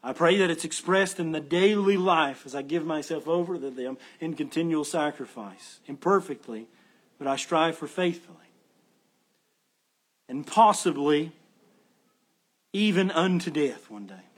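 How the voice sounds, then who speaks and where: Husky high-voiced preaching man. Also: lively intonation, measured pace, long pauses. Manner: earnest, emphatic preaching with repeated phrases; teacherly, explains Greek word order. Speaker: pastor. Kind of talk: expository sermon.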